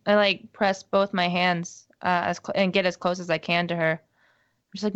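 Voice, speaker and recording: A woman's voice: on the low side, little pitch movement, moderate pace, fairly bright tone, clean tone. A woman playing a tabletop game, earnestly describing her character's actions in first person. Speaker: player. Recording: dull lo-fi audio.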